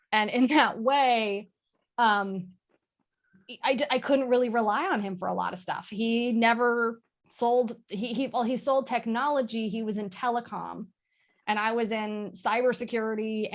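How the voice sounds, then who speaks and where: Frank, fast-talking woman guest. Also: fairly high pitch. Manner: frank, fast, swears casually. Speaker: guest sales leader. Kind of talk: casual panel chat.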